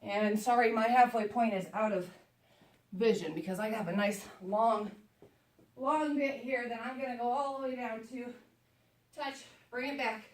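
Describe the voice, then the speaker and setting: A higher-pitched woman leads a workout while exercising along, chatty and encouraging as she counts down the reps. She sounds a fair way from the mic, in an echoey room at home. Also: moderate pace, far from the mic. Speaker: fitness instructor.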